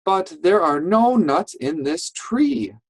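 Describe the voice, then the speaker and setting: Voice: mid-range voice, big pitch swings, slow, creaky, no echo, voice pushed up, exaggerated voice. A worried mother squirrel, read aloud by a teacher. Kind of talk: reading aloud to young children.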